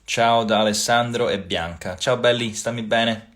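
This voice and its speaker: A man hosting a casual livestream, reading viewer comments aloud and chatting back in a relaxed, friendly way. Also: medium pitch, moderate pace. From Italian family background.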